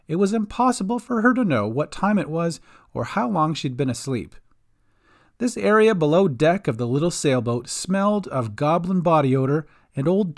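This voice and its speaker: A man hosting and narrating his own homemade storybook podcast in a friendly, lively way. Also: on the high side. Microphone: homemade setup.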